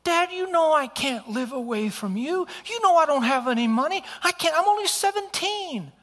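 A man's voice: lively intonation, normal speed, fairly bright tone. Man putting on an upset teenage girl. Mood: pleading. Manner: high, strained pleading. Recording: long hall reverb.

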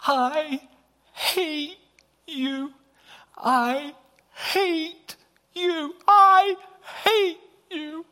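A man's voice: animated, moderate pace, fairly bright tone. Man putting on an upset teenage girl. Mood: screaming. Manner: high, strained pleading. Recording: long hall reverb.

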